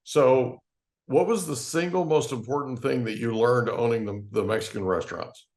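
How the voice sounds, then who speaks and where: A man's voice: mid-range voice, normal speed, darkish tone. A man hosting an interview, asking questions and adding short affirmations. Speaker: podcast host.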